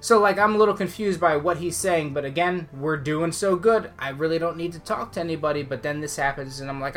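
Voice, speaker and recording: A man co-hosting a casual podcast, heatedly retelling a story with lively, animated delivery. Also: on the high side, brisk, hardly any pauses, soft background music. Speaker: podcast co-host.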